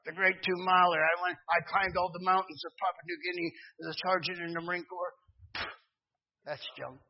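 A man's voice: high-pitched, steady tone, brisk, muffled recording, noisy background. A middle-aged man from Pennsylvania with a Pennsylvania accent, giving a sermon testimony in an earnest storytelling manner that rises to fervent emphasis. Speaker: missionary preacher.

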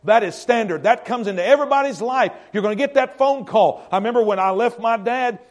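High-voiced pastor preaching. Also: male voice. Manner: earnest storytelling, halting repeats, drops to a hushed tone. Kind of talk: sermon.

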